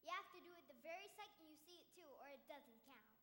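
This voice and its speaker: Lady doing a chatty little girl, really high and bright, stage show in an echoey theatre. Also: animated, fast, slight background noise. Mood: wistful. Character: young girl, chatty and earnest. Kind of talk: stage musical performance.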